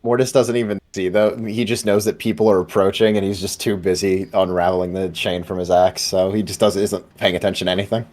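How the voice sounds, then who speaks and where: A man's voice: deep voice, little pitch movement, a little fast, hardly any pauses, a little mellow. A man playing a tabletop game, describing his character's actions hesitantly with many fillers. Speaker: player.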